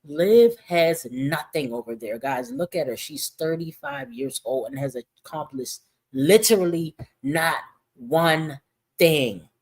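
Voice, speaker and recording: A woman's voice: low-pitched, slow pace. A woman hosting casual livestream commentary, talking in a profane, mocking way.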